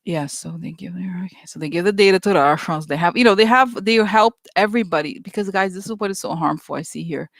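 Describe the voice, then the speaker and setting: A psychic reader talking through questions in a loose, rambling way, full of fillers and acted-out quotes. The voice sits at a middle pitch. The sound is dry and close, with no room echo. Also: quick pace, creaky, few pauses, a bit bright. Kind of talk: casual commentary.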